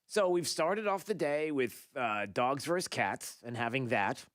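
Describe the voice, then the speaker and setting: A man hosting a talk radio show, rambling and animated, with many fillers and restarts. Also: medium pitch, measured pace, no echo, clean studio sound.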